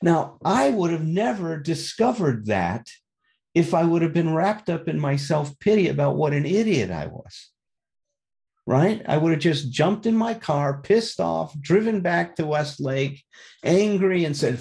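A man's voice: a little high, big pitch swings, a little slow, gravelly, a little mellow. A man telling a personal story in a candid, conversational way, turning it into a reflective lesson.

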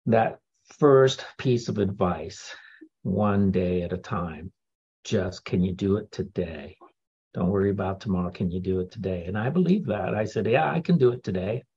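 A man's voice: low-pitched, normal speed, darkish tone, husky, highs cut off. A man giving a candid personal recovery talk in a wry storytelling manner, laughing now and then. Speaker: speaker sharing a recovery story.

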